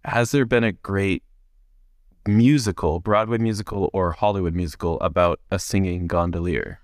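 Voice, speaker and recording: Low-voiced man telling lively stories. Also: moderate pace, no room sound, clean studio sound. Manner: animated storyteller who laughs often. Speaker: podcast co-host. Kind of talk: casual chat. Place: basement podcast room.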